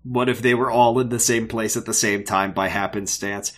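A man co-hosting a casual podcast, excitable and chatty, cutting in over his co-host and swearing offhandedly. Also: fairly low pitch, moderate pace. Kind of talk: casual chat recapping a TV episode.

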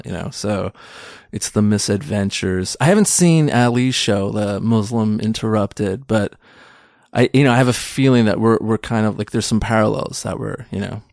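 A man's voice: fairly low pitch, normal speed, vocal fry, a little mellow, no echo, studio quality. A man in his thirties, a stand-up comedian, chatting in an interview in a rambling, self-deprecating way full of restarts. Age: 30s. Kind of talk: casual interview chat.

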